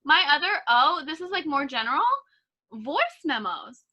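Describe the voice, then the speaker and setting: A podcast co-host in her twenties chats casually and tells stories animatedly, saying "like" constantly. Her high voice moves at a moderate pace, and the audio sounds dull.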